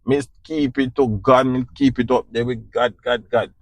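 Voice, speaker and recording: Steady and medium-pitched, the podcast host talks at a moderate pace with no room sound. He has a Jamaican accent and gives an informal, preachy, repetitive spiritual talk, often asking if you understand.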